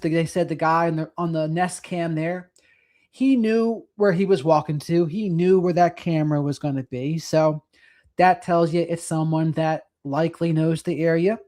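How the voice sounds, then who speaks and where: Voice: medium pitch, a little mellow. A co-host giving conversational, opinionated commentary. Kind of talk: casual commentary.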